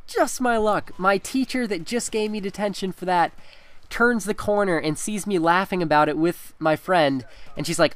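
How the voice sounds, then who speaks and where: The voice sits high and moves at a moderate pace, recorded with no room sound. It belongs to a young teen man who casually tells a school story while commenting on gameplay, with frequent laughter and fillers.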